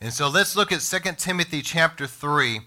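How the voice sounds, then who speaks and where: A man preaching a sermon as pastor, emphatic, slowing down to stress words and speaking straight to his congregation and listeners. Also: a little high, lively intonation, bright, forceful tone. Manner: addresses congregation and podcast listeners directly.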